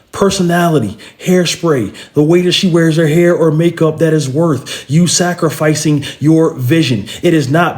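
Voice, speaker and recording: Emphatic, preachy man with a higher voice. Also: darkish tone, roomy sound. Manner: emphatic, preachy, repeats phrases with stammered restarts; addresses listeners directly and bluntly. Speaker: motivational speaker. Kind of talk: motivational talk.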